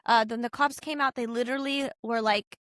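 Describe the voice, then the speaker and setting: A young adult woman telling a personal story as a podcast guest, chatty and animated, full of "like" and "you know" and acted-out quotes of other people. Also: on the high side, a little fast, no echo, studio quality. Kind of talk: casual storytelling in an interview.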